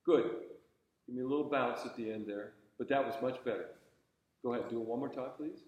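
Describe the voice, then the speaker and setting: A man's voice: mid-range voice, brisk, a little mellow, highs cut off. Patient man coaching in an echoey room. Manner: patient, encouraging, thinks aloud with fillers and restarts. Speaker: conducting teacher. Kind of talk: coaching a student in a class.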